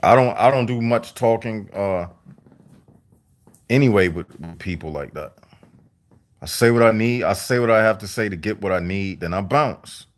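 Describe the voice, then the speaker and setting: A man delivering a deliberate, repetitive, preachy monologue to his viewers on a livestream. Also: fairly low pitch. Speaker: vlogger.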